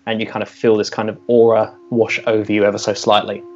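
A man narrating as game master of a tabletop game, loose and relaxed with many fillers. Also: on the low side, fast talker. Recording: dull lo-fi with music behind.

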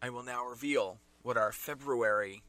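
A man's voice: mid-range voice, moderate pace, fairly bright tone, no room sound, low-quality recording. A man with a New Jersey accent, co-hosting a casual podcast and chatting with laughs. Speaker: podcast co-host and comic shop owner. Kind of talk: casual chat.

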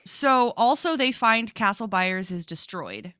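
A woman co-hosting a podcast, excitedly recapping a TV show in casual chat, swearing and laughing often. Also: medium pitch, measured pace, dry recording, studio quality. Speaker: podcast co-host.

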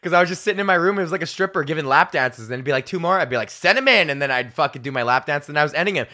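A man's voice: a little high, rapid-fire, sharp tone. A young man hosting his own comedy podcast, rambling and swearing as he rants, laughing at his own bits and acting out mocking quoted voices. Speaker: podcast host. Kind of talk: solo comedy podcast rant.

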